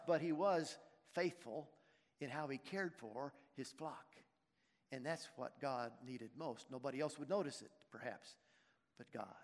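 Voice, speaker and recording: Male preacher, high voice, storytelling sermon, long hall reverb. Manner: storytelling, asking the congregation questions.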